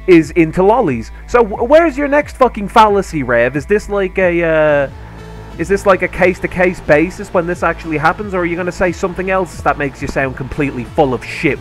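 A man's voice: fairly high pitch, fairly bright tone. A man hosting a commentary video, ranting heatedly and sarcastically with constant swearing. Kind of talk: angry rant commentary.

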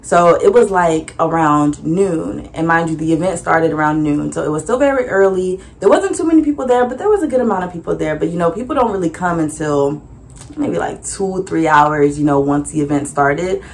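Lively young woman telling a vendor story. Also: a little fast, a little hiss or hum. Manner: animated, acts out dialogue with big pitch jumps and laughs. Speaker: vlogger and small business owner. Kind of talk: casual storytelling recap.

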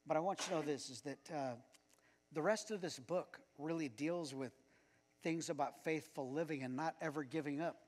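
A pastor with a fairly high-pitched male voice preaches a sermon at normal speed, recorded in a church sanctuary with long reverb. He keeps it conversational, chuckling as he shares personal anecdotes.

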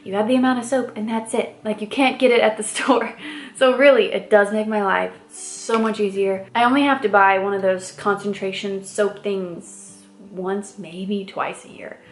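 A woman's voice: medium pitch, fairly even intonation, normal speed. Chatty Midwestern woman in a roomy space. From American Midwest. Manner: chatty and upbeat, frequent "like" fillers. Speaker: lifestyle vlogger. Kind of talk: casual chat to camera. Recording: roomy echo with faint music.

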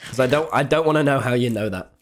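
A young man chatting to his live-stream audience while playing, excitable and swearing freely. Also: medium pitch, fast. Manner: excitable, swears freely, jumps between game and chat. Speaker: game streamer.

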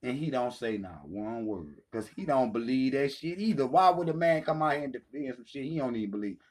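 His voice sits in the medium range, a little mellow yet animated and brisk. On his own channel, this man delivers an angry callout, full of taunts and free-flowing profanity.

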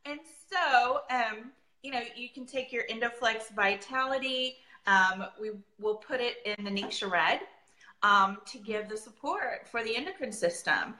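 A woman's voice: a little high, a little slow, bright, forceful tone, echoey room, poor audio. A woman in her forties, chatting casually as an essential oils presenter, rambling and laughing often. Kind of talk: casual chat.

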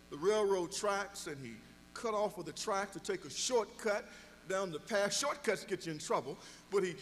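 A man's voice: high voice, a bit bright, in a large hall. A middle-aged man preaching a sermon as pastor, telling stories and building to emphatic exhortation.

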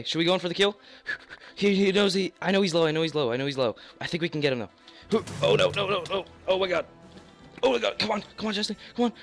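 A hoarse young man rattles through live gameplay commentary at a quick clip in a fairly high voice. He gets excitable, repeats himself and yelps mid-sentence. Faint music plays underneath. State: hoarse, voice worn out. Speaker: gaming YouTuber.

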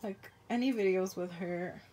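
A woman's voice: medium pitch, normal speed, mellow, a little hiss or hum. A woman vlogger in casual unboxing chat at home, gushing and exclaiming often, trailing off mid-sentence. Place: home with a pet bird.

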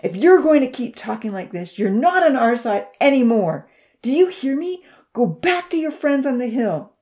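A woman voicing a bossy, loud boy character in a storybook reading, growling and forceful. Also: fairly low pitch, moderate pace, gravelly. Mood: angry. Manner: growling, rising.

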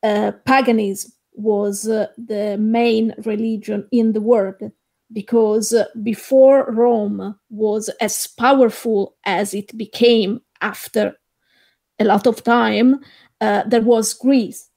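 A woman guesting on a podcast, explaining religious history in a measured way with frequent hesitations. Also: fairly high pitch, steady tone, dark tone. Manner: measured, hesitant with many "uh" fillers. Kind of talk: explaining, casual chat.

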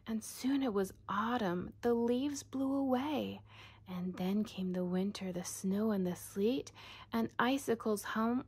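A woman reading a children's storybook aloud in a soft, often whispered voice. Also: mid-range voice, vocal fry.

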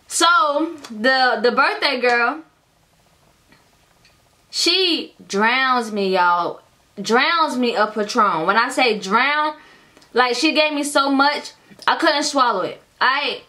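A young adult woman vlogging casually, telling a storytime full of cursing and talking straight to her viewers as y'all. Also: high-pitched. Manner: animated, profane storytelling, addresses viewers as y'all.

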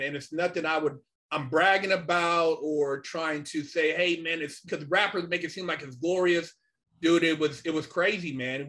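A man's voice: fairly high pitch, fairly bright tone. A man, a podcast guest, telling a story in a casual, slangy way, full of "man" and "you know".

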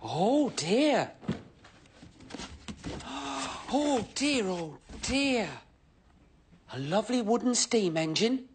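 A cheerful, eager-to-please station helper, chattering to himself as he potters about. His voice leaps around with lively, sing-song ups and downs. He stays very polite and scripted, in the manner of children's television. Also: very high-pitched, a little hiss or hum, exaggerated voice. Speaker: children's show presenter.

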